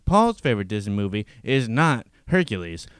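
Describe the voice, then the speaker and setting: A man co-hosting a podcast, chatting casually with a teasing, animated delivery on a close mic. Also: normal speed, clear, resonant tone, no room sound. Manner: animated teasing, jumps in pitch when excited. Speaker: podcast co-host. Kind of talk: casual chat.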